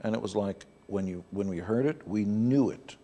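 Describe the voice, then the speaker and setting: A middle-aged man from New York, speaking as an interview guest. His voice sits fairly low and has a dark, mellow tone. He tells candid stories in a blunt, wry way. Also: normal speed. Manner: blunt, wry anecdotes with playful put-on voices.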